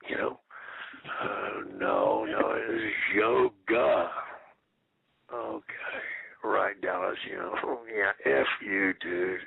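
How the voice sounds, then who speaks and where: A man in his fifties, a retired wrestler, giving a rambling, profane interview full of deadpan jokes. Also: lowish voice, no room sound. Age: 50s. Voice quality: gravelly, raspy. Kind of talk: casual phone interview. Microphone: phone. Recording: tinny phone line.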